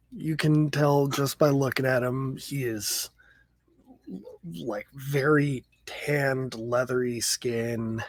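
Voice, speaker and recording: A man running a tabletop game as game master, narrating slowly and calmly. His voice is a little husky, and the recording is dry and close. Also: mid-range voice, dry recording.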